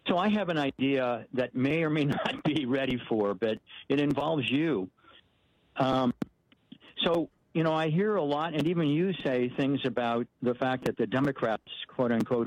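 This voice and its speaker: A man's voice: medium pitch, no echo. A man from Washington state calling into a talk radio show, rambling and hesitant, with many fillers and backtracks. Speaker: caller. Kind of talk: phone-in call to a talk show. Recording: dull, dry phone-in line.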